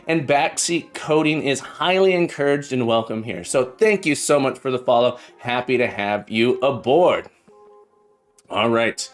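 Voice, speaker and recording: A middle-aged man hosting a casual live coding stream as a programming teacher, playful and punning, often repeating his phrases. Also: fairly high pitch. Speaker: livestream host and programming teacher. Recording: faint background music.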